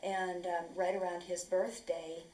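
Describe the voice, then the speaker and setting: A woman sharing a personal story casually, halting and hesitant. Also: fairly low pitch, level tone, a little mellow. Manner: hesitant, many fillers. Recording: echoey room, distant mic, faint noise.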